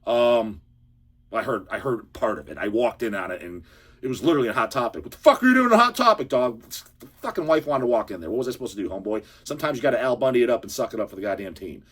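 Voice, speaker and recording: A man's voice: on the low side, rapid-fire, slightly rough. A man hosting his own channel, giving a profane, heated casual rant. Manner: profane, heated, animated ranting. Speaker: channel host. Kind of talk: ranting casual monologue. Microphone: handheld camera or phone.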